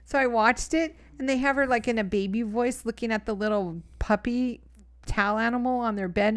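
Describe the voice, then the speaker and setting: A middle-aged woman chatting on a casual live stream from home. She tells stories in a lively, animated way and laughs often. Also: on the high side, brisk.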